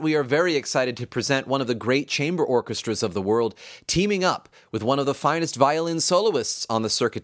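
A man hosting a classical music program, presenting upcoming concerts in a measured, enthusiastic announcer style. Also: mid-range voice, no echo, clean studio sound. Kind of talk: scripted radio-style presentation.

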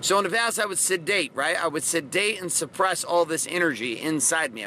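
A man's voice: a little high, brisk, few pauses, pushed and bright, a little hiss or hum. A middle-aged man hosting a motivational podcast, talking bluntly and profanely with lots of energy. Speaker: podcast host. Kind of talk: motivational monologue.

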